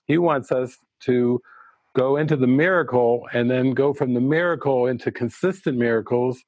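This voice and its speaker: A man's voice: mid-range voice, a little mellow, dry recording. A man giving a spiritual teaching talk as a retreat leader, earnest and searching, often restarting his sentences. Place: studio.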